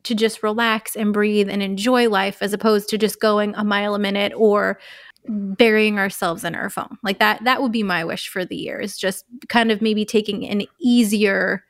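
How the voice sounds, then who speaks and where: A woman co-hosting a casual talk show, speaking plainly and in a relaxed way. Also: medium pitch, normal speed, no room sound, studio quality. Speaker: co-host. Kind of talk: casual podcast chat.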